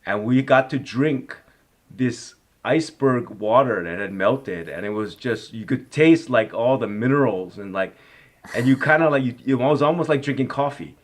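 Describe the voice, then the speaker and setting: A man in his fifties, an actor being interviewed, spins loose anecdotes in a voice of ordinary middle pitch. He rambles, peppering his talk with "you know" and "like", and his delivery picks up energy when a story gets exciting. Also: moderate pace. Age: 50s.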